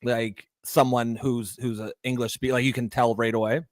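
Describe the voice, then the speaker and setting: A man's voice: medium pitch, flat delivery, moderate pace, no echo. A man co-hosting a livestream, chatting casually and hesitantly with many fillers while reading out viewer comments. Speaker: livestream co-host. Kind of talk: casual political chat.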